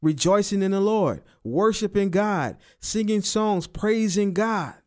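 A man's voice: high-pitched, lively intonation, a little slow, a little mellow. Preaching man with a raised voice. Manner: preacherly, repeats and stresses key phrases, rising on emphasis. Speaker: pastor. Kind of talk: sermon.

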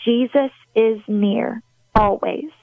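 Woman guest, ministry leader, earnest and preacherly, fairly high voice, dry remote recording. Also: slow pace, creaky, no echo, narrow, tinny audio. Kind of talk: heartfelt faith conversation.

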